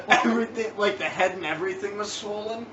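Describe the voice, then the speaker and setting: A man hosting a podcast in casual chat, asking eager questions and breaking into laughter. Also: high voice. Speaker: podcast host. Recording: distant, echoey, muffled and noisy.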